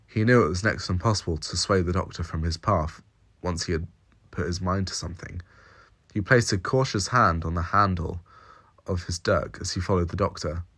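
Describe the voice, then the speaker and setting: A man with a very deep voice reads an audio story aloud. He narrates steadily and descriptively, in a calm storytelling manner. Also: normal speed. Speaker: reader.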